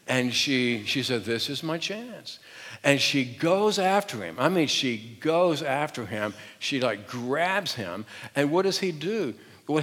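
Animated storytelling preacher in a hall. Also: male voice, mid-range voice. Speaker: pastor. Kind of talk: sermon.

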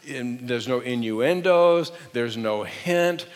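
A male pastor preaching a sermon, retelling a story with animated, humorous storytelling and direct questions to the congregation. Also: medium pitch, takes it slowly, big-room sound.

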